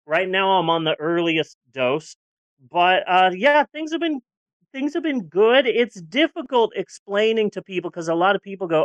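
A woman's voice: medium pitch, lively intonation, unhurried, dry recording. A woman in her forties chatting candidly on a podcast, rambling a little and restarting her sentences. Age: 40s. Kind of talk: casual podcast chat.

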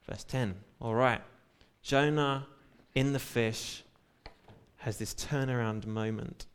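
A male preacher gives a sermon in a church, and his pitch sits in the middle for a man. He retells scripture in a relaxed, conversational way and breaks off for casual asides. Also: a little slow, smooth.

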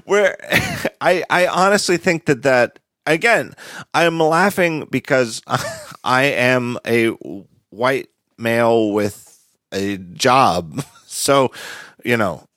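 A man's voice: mid-range voice, expressive, slow pace, a bit bright, no room sound, studio quality. A man hosting a podcast in casual chat, laughing often and repeating himself for emphasis. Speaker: podcast host.

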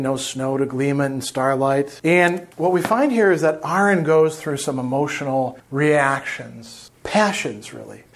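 A man giving a literature lecture, reading quoted passages aloud and then commenting on them in a conversational way. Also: a little high.

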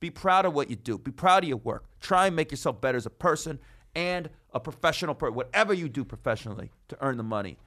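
A man in his thirties, a comedian hosting a podcast, talking in a loose, animated way that swings from loud to soft and swears freely. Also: a little high, fast talker. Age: 30s. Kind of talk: casual chat.

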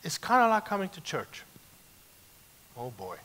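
A man pastor preaching a sermon, emphatic and animated, moving sharply between loud and quiet passages. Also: fairly high pitch, unhurried, a little hiss or hum.

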